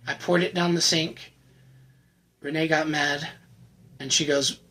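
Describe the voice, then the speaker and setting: Earnest man with a husky voice. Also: fairly high pitch, steady tone, bright, forceful tone, rough recording. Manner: earnest, emotional, halting with repeated words. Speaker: channel host sharing his recovery testimony. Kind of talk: personal faith testimony to camera.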